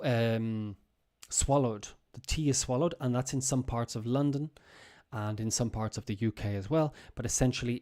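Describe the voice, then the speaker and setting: Mellow-voiced man teaching English casually. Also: mid-range voice. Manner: patient, repeats words and phrases for learners; loose and chatty, many fillers. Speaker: English teacher and stream host. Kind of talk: casual livestream English lesson.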